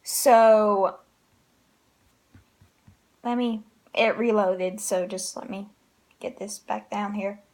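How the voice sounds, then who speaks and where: A woman's voice: mid-range voice, steady tone, slow pace, pauses often, a little mellow. A woman casually reviewing manga chapters, rambling with lots of ums and likes and laughing often.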